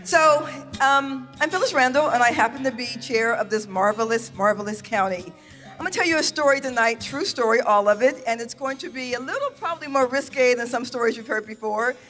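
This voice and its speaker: A woman from the United States telling a true story live on stage, animated, laughing and acting out her own reactions. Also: fairly high pitch, fairly quick, long reverb tail, soft background music. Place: stage in a venue.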